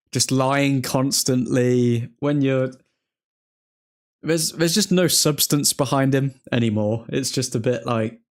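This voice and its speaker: A young man of middle pitch hosts a livestream in a loose, chatty way. He mixes match reactions with easy replies to his viewers. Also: a little mellow. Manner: chatty, reacting to the game and replying to chat. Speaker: livestream host. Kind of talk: casual live match commentary with viewers.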